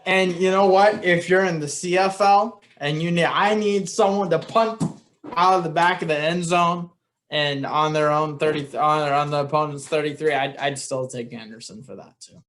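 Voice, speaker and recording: A man's voice: a little high, normal speed, fairly bright tone. A young man co-hosting a casual sports podcast, making short laid-back remarks. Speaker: podcast co-host.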